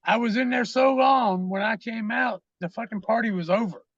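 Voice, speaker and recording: High-voiced man, rambling profane storyteller. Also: normal speed, gravelly, fairly bright tone, no room sound, dull audio. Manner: rambling, profane, lots of fillers. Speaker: guest. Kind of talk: casual storytelling interview.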